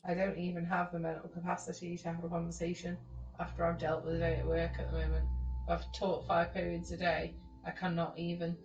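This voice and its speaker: A young woman chats casually about her day as a teacher, swearing freely and acting out the people she quotes. Her voice sits a little low, and she sounds set back from the mic. The room is echoey, with faint music behind. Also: a little fast, recorded from a distance, highs cut off. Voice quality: sweary, laughing often. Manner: animated storytelling, acting out quoted people with a raised voice. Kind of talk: casual chat.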